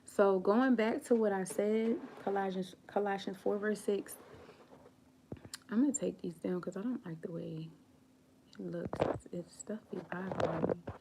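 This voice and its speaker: An American woman hosts a late-night live stream from home, talking in an unhurried, earnest, preachy way. Her voice has a gravelly edge, and now and then she drops into a soft whisper. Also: mid-range voice, steady tone, noisy background. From United States. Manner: slow, earnest, preachy, quotes scripture. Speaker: channel host. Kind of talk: live-stream talk on feminine grace.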